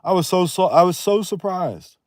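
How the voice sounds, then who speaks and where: A man talking casually on a livestream, blunt and profane, rambling and quick to raise his voice. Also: sits high, animated, no echo, clean studio sound. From Northeast United States.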